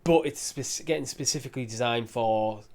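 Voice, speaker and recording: Male podcast co-host, relaxed, mid-range voice, lots of "like" and "um". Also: mid-range voice, normal speed. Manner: easygoing, hedging with "like" and "um". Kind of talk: casual podcast chat.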